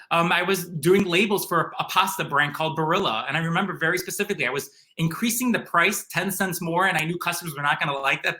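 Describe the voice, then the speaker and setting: A young man from the area, eagerly telling a personal story in an animated way, full of "like" and "um". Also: high-pitched. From Chicago area. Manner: animated, excitable, uses lots of "like" and "um". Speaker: storyteller guest.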